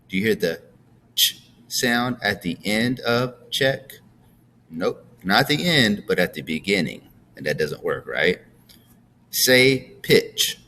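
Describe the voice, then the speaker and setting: A man's voice: low-pitched, sharp tone, slight background noise. A man teaching a phonics lesson to young students, patiently drilling words and checking in with "all right?".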